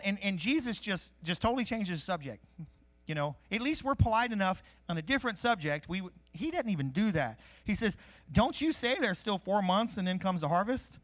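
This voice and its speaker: A man preaching a sermon in a conversational, animated way, teaching from scripture with jokes and asides. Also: high-pitched, fairly quick. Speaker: pastor. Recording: live-streamed sermon.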